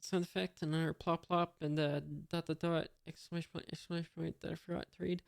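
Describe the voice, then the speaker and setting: A reader reading a comic aloud in a monotone, reading out sound effects and punctuation with many hesitant fillers. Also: mid-range voice, a little fast, vocal fry, no echo, clean studio sound.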